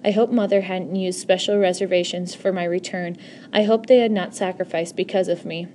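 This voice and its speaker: A woman's voice: lowish voice, fairly even intonation, brisk, warm tone, slight background noise. A woman reading a first-person novel aloud in an earnest voice, often stumbling and correcting herself. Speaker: audiobook reader.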